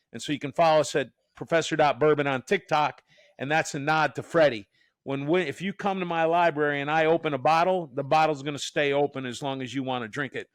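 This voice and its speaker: A man hosting a podcast, telling a story in a casual, animated way, with frequent restarts and acted-out quotes. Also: fairly high pitch, clear, resonant tone, no echo. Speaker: podcast host.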